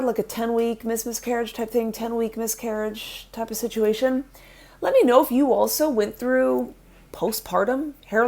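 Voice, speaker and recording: A woman in her forties talks through a casual fitness vlog, rambling from one point to the next and laughing at herself. Her voice sits at a middle pitch and sounds congested and stuffy from a lingering cold. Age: 40s. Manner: rambling, self-deprecating, laughs often. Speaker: fitness vlogger.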